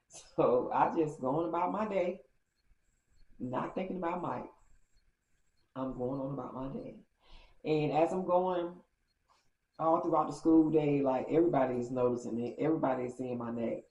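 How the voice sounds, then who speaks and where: A woman telling a casual storytime story, animated and acting out each exchange with swinging pitch. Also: normal speed, long pauses. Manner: animated, acts out dialogue with lively pitch swings. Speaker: storyteller vlogger. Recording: roomy, slightly dull recording.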